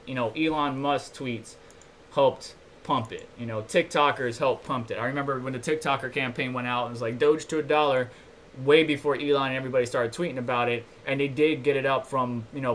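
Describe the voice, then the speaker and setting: A man's voice: medium pitch, fairly bright tone, a little hiss or hum. A man hosting a casual crypto news livestream, reading articles aloud and chatting loosely with viewers between them. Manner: chatty and loose, asides to viewers, reads articles then comments.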